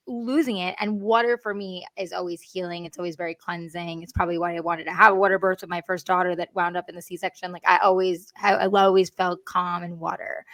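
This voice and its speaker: A woman's voice: on the low side, a bit bright, dry recording. A woman speaking as an interview guest, talking candidly and earnestly with lots of fillers. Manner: chatty, earnest, heavy with fillers.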